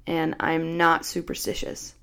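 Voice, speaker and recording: A young woman with a somewhat low voice co-hosts a relaxed podcast. She speaks plainly and playfully, tossing out blunt, mock-grumpy quips as she goes. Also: measured pace, vocal fry, smooth. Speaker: podcast co-host. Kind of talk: casual chat.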